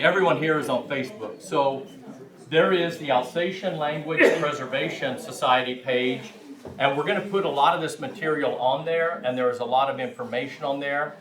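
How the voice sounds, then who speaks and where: A man's voice: mid-range voice, normal speed, a crowd in the background. A man leading a language class, friendly and laughing along with the group. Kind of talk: classroom teaching. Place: large echoey meeting hall. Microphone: distant room mic. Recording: echoey hall from far off.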